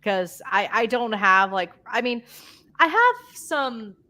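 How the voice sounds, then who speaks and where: A woman's voice: fairly high pitch, lively intonation, slow pace, bright, forceful tone. A woman from the United States, a paranormal investigator chatting casually as an interview guest, full of fillers and easy laughs.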